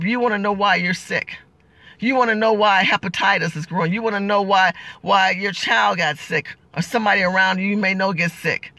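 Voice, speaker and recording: An emphatic woman hosts a political livestream and answers viewer comments in a preachy, emotional manner. Her voice is bright and forceful. The recording is close and dry, with no room sound. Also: medium pitch, no echo.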